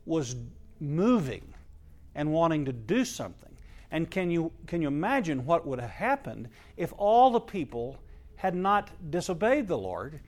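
A male pastor delivers a sermon as a story, pushing hard on key lines and then dropping to a hush. His voice sits a little high and has a gravelly edge. He sounds earnest and emphatic throughout.

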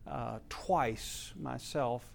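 A male pastor, preaching earnestly in story form, his voice swelling to emphatic peaks and dropping low and soft. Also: extremely slow, gravelly. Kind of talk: sermon storytelling.

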